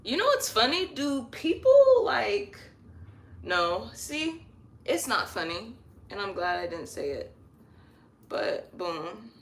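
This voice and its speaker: Styling her own hair at home, a woman chats casually on a live stream in a slightly high, slow voice. She's animated, drawing words out for emphasis.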